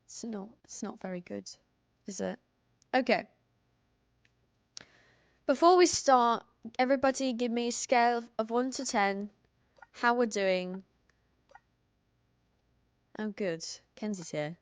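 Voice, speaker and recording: A woman's voice: fairly high pitch, animated, slow, pauses often, no echo. Young woman doing a hammy fake British voice, mock-offended, close and dry. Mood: playful. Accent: put-on British. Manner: theatrical, mock-indignant.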